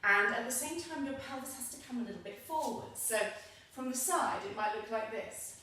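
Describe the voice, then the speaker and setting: A woman's voice: on the high side, lively intonation, normal speed, pushed and bright, distant mic, a little hiss or hum. Encouraging woman teaching dance in an echoey room. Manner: upbeat and encouraging, counting out beats. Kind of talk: instructional dance tutorial.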